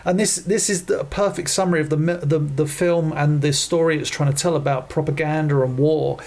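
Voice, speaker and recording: A man's voice: on the high side, brisk, vocal fry. A man co-hosting a film podcast, chatting casually and acting out the attitudes he describes. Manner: animated, mimics attitudes in quotes, many restarts. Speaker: podcast co-host. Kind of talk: casual film review chat.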